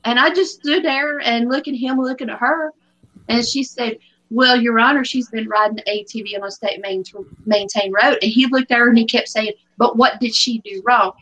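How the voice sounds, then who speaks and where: Bright, animated woman telling stories. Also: a little high, normal speed, dull audio. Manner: animated, acts out quoted dialogue. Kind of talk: casual storytelling chat.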